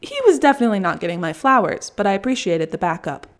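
A woman's voice: medium pitch, animated, fast talker. A woman narrating a first-person story in a wry, dry storytelling manner.

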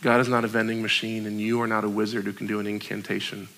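A young adult man preaching a sermon as a pastor, conversational and joking, with quick asides. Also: lowish voice, little pitch movement, a bit bright.

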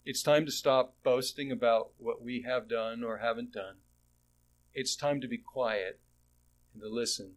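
A man preaching a sermon in an earnest way, repeating words and swinging between raised passages and hushed ones. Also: mid-range voice.

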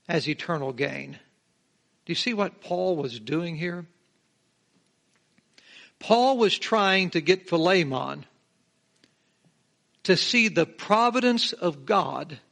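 Working through Scripture one verse at a time, a middle-aged pastor stresses key words by stretching them out and asks his congregation rhetorical questions, all with emphatic delivery. His voice is a little high, gravelly and a bit bright.

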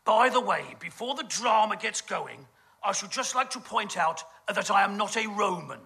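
A man's voice: sits high, expressive, moderate pace, creaky, pushed and bright. A man with a British accent doing a camp, gossipy stage comedy monologue full of innuendo. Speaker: comic performer.

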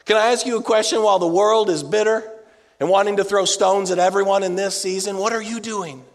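A man preaching a sermon, swinging between loud outbursts and hushed, low delivery. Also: fairly even intonation, a little fast. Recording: long hall reverb.

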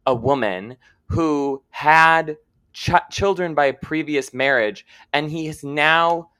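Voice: medium pitch, slow, fairly bright tone, clear, resonant tone, dry recording, clean studio sound. Co-host walking through gossip stories. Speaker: podcast co-host. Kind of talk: casual pop culture chat.

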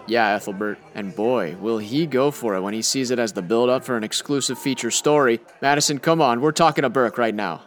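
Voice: medium pitch, brisk, few pauses. An actor playing a wry newspaper reporter in an old-time radio-drama style, talking in clipped period slang. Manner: wry, clipped 1940s patter.

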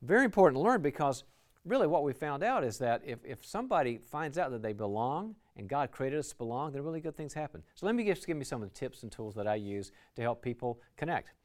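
At a lecture venue, a leadership speaker with a medium-pitched voice and big pitch swings talks fast. He enthusiastically lectures on team relationships, acting out short dialogues as examples.

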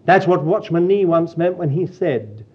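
Earnest male preacher, slightly high and husky voice, dull lo-fi sermon tape. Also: expressive, moderate pace. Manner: earnest, pastoral, addresses listeners as dear child of God.

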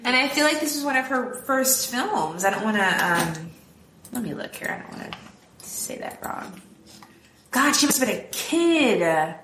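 A bright, chatty woman co-hosting a film podcast, recapping scenes and tossing in quick quoted voices. Her voice bounces around an echoey room, with a faint hiss under it. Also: a little high, expressive. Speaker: podcast co-host. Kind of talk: casual film review chat.

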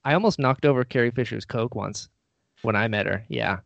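A man chats casually and tells a story with lots of animation, putting on little voices for the people in it. His voice is mid-pitched and the sound is dry and close. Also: brisk, gravelly, no echo, muffled recording. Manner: animated storyteller acting out quotes.

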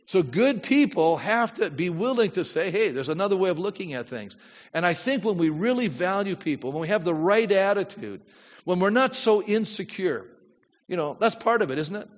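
A man's voice: sits high, big-room sound, lo-fi sound. A man pastor preaching a sermon in a conversational way, often asking the congregation questions.

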